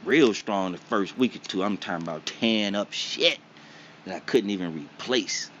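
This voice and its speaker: A man's voice: lowish voice, moderate pace, fairly bright tone, dull audio, a little hiss or hum. A man telling his story casually in slangy, profane, punchy speech. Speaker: interviewee.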